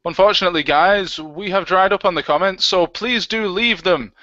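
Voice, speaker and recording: A man's voice: sits high, normal speed, bright, forceful tone, no room sound. A man co-hosting a casual livestream, joking and reading out comments and tweets. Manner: jokey, reads out comments and tweets. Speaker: livestream co-host. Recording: dull, lo-fi dry sound.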